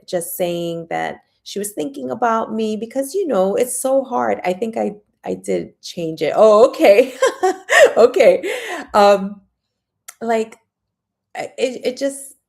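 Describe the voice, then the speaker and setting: A woman hosting a casual livestream, chatting warmly and reading viewer comments aloud. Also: mid-range voice, creaky. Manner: frequent fillers and restarts. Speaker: livestream host.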